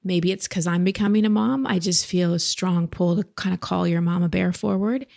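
A woman with a low, gravelly voice coaches a caller. She talks in a direct, gentle tone. She sounds like she's in her thirties. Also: normal speed. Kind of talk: advice podcast with a caller.

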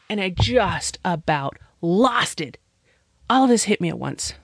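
A woman's voice: medium pitch, no room sound, clean studio sound. A woman giving a bubbly, exclamatory message full of tips for fellow business moms. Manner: bubbly, exclamatory, chatty with big swings in pace. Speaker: business owner sharing tips. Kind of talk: recorded guest message for a podcast.

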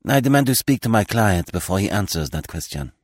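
A man's voice: lowish voice, lively intonation, fairly quick, dry recording, studio quality, lightly acted. A man voicing a male defense lawyer who protests insistently in an audiobook reading. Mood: protesting.

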